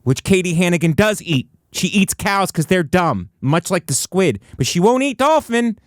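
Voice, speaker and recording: A man hosting a solo comedy podcast in a studio, delivering mock-motivational rants that jump from high excited bursts to low, flat asides. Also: moderate pace, no room sound. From United States.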